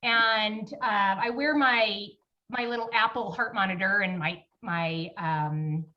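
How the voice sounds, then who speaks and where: A woman guest on a podcast telling her story in an earnest, relaxed, conversational way. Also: mid-range voice, slow pace. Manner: recounts events by acting out dialogue. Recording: distant, dull lo-fi mic.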